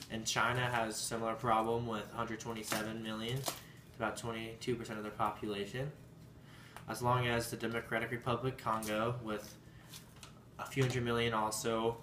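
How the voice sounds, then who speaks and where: A young man hosts his own casual cooking show, talking in a loose, rambling, playful way. His voice sits at an everyday pitch. The sound bounces around an echoey home kitchen with clear noise underneath. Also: fairly bright tone. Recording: echoey room with background noise.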